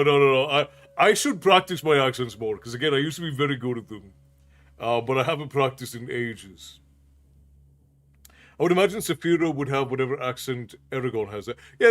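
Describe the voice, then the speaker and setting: Chatty male streamer talking with viewers. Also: medium pitch. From New York City. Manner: chatty, laughs often, reads chat aloud. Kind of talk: casual chat with viewers.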